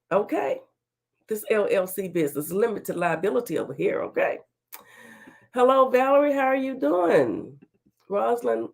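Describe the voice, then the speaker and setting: Her voice sits fairly high, creaky with a touch of mellowness, and it's still a bit off from her recent sickness. She hosts a relaxed livestream talk show, greeting each viewer by name in a chatty, folksy manner.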